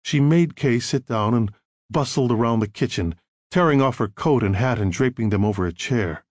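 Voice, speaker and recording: A man narrating an audiobook with expressive storytelling. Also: medium pitch, moderate pace, no room sound, studio quality.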